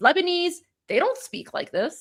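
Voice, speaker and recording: Fast-talking high-voiced woman co-host. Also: big pitch swings, vocal fry, a bit bright. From Iran. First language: Persian. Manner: rapid, emphatic, blunt. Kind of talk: casual live-stream chat.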